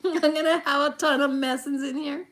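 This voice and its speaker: Woman livestream host with a high voice, playful and teasing with viewers, laughing often, phone on a table. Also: fairly even intonation, normal speed, a bit bright. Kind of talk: casual livestream chat with viewers. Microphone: phone lying on a table.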